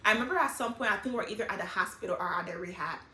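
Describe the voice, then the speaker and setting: A middle-aged woman talking casually and emotionally about her life, in an animated, hyper way. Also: medium pitch, very fast, reverberant. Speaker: vlogger sharing life lessons. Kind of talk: casual personal talk.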